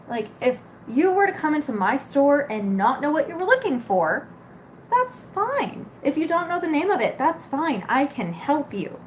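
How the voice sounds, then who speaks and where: There's a little hiss or hum behind this high-voiced woman in her twenties. She works at a cosmetics store and is blowing off steam, her rant sarcastic, fed-up and packed with swearing.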